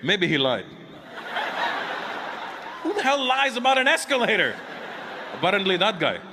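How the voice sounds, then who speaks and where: A man with a high voice works a comedy club stage, spinning stories and talking with audience members. He jumps between characters as he goes. The live recording picks up a lot of background noise. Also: moderate pace. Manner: animated, acts out both sides of conversations. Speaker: stand-up comedian. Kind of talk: stand-up routine with crowd work.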